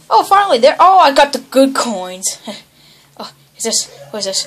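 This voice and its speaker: A woman giving excited video game commentary, yelping, groaning and bickering as she plays. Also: high voice, a little fast, a little hiss or hum. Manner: excitable, yelps and groans, bickers with toy characters. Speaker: gaming channel host.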